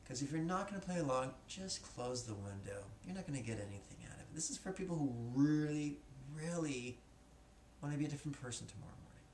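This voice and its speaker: A man's voice: a little high, lively intonation, fast, darkish tone. A man teaching as a spiritual teacher, joking and casual, in a classroom. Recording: echoey room, faint noise.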